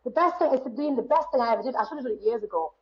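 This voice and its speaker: Northeast English woman, 30s, bubbly chatty guest, slightly high voice, muffled podcast audio. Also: very fast. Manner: chatty, animated, laughs often. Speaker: guest performer. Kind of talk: casual podcast chat.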